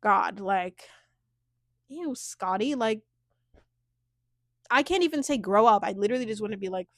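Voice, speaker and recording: Expressive and a bit bright, this young woman's mid-range voice moves at a moderate pace as she casually reacts to a reality show in a vlog. She chats freely, laughs often, and uses heavy filler. Clean studio sound without echo.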